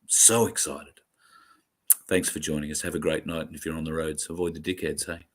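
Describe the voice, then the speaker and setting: A man with a very low, deep voice thanks his audience. He speaks sincerely and emotionally. He stumbles through fillers and restarts as he goes. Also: level tone. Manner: halting, many fillers and restarts. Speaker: host. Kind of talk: heartfelt sign-off to viewers.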